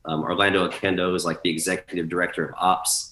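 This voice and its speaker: Bright-voiced man with a low pitch. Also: little pitch movement, fast talker, reverberant, poor audio. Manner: storytelling with swearing, acts out quoted people. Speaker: guest DJ. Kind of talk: casual podcast chat.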